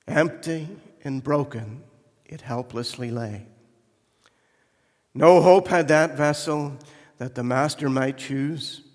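A man preaching a slow, earnest sermon in a church, pleading with his listeners. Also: on the high side. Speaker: pastor. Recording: echoey church hall.

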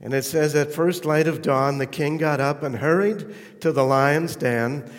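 A man preaches slowly and deliberately, his voice a little higher than most men's. He builds to fervent, emphatic peaks and then sinks back to quiet, close asides. The sound carries the long ring of a large church hall. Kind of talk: sermon.

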